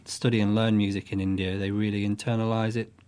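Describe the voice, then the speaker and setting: A guest musician from northwest England talks quickly in a fairly low voice, discussing his music in a relaxed interview. He's thoughtful, often circling back and restarting phrases with soft fillers as he explains.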